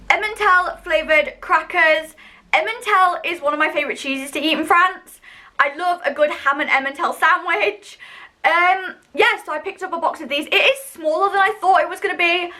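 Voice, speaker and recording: A woman's voice: very high voice, moderate pace, pushed and bright. A young woman from the UK chatting casually and enthusiastically while reviewing snacks in a vlog, with lots of fillers. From United Kingdom. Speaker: vlogger.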